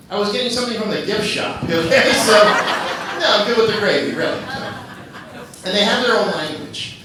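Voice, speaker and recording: Profane stand-up comic in an echoey club. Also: male voice, sits high, lively intonation, brisk. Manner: loose, profane, crowd-teasing. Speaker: stand-up comedian hosting open mic. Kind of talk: live stand-up comedy. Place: comedy club. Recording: echoey club, far from mic, audience noise.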